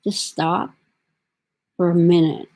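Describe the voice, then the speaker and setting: A middle-aged woman vlogger with a lowish, warm voice talks slowly to her camera with fairly even intonation, rambling casually from thought to thought with lots of fillers. The recording is rough.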